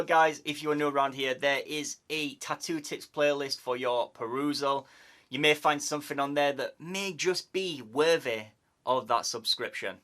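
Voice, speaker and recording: A man's voice: medium pitch, fairly bright tone. A man who is a tattoo artist, talking casually to camera and giving tips, with a chatty way of repeating words as he thinks aloud. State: yawning, tired. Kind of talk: casual YouTube advice talk.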